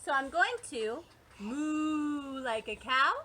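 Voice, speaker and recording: Woman leading family yoga: high, bright, sing-song voice, slow and playful, singing and making animal sounds. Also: sing-song, slight background noise. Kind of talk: playful kids' yoga instruction with songs and a story.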